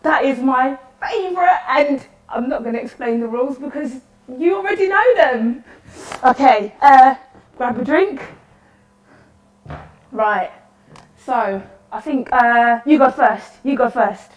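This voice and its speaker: Heard from a distance in an echoey room, a woman with a high-pitched, animated voice takes it slowly. She is performing a solo interactive theatre monologue as a lonely, chatty woman at the end of the world, her delivery rambling, apologetic and nervously cheerful.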